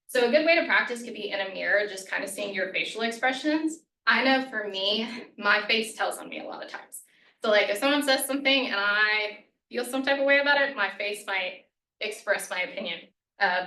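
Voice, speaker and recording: A woman with a medium-pitched, bright, forceful voice leads a lunch-and-learn workshop in a college meeting room, speaking conversationally with frequent "right?" and "um" and acting out sample phrases. The room is echoey and she's a bit far from the mic.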